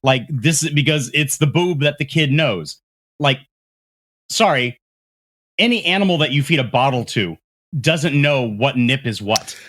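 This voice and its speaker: A man's voice: medium pitch, lively intonation, a little slow, a bit bright. A man co-hosting a casual movie podcast, in an ordinary middle-range voice. He often repeats words and restarts sentences while he works out what he means. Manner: hesitant starts, repeats words while gathering thoughts. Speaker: podcast co-host. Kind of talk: casual movie review chat.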